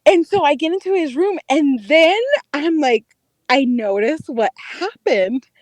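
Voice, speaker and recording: A young woman chats on a podcast with a high voice that leaps and dips with every twist of the story. She swears freely and laughs through her lines. The sound is close and dry, with no room around it. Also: a little slow, no echo. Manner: animated, profane, laughing storyteller. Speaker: podcast co-host, dating correspondent. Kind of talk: casual storytelling chat.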